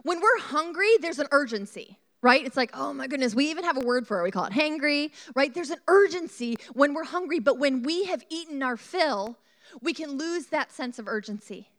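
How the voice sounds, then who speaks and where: A woman preaching a sermon, telling a personal story in an animated way and asking the congregation questions. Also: high-pitched, normal speed.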